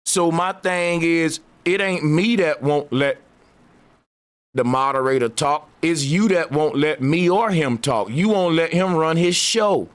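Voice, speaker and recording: A man's voice: a little high, unhurried. A man in a heated live debate, arguing insistently and repeating his points. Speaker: debate show host.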